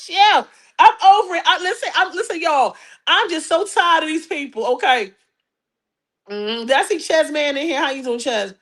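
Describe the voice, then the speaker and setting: A woman hosting a podcast in casual gossip commentary, loud, laughing often, profane and animated. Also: high-pitched, moderate pace. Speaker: podcast host.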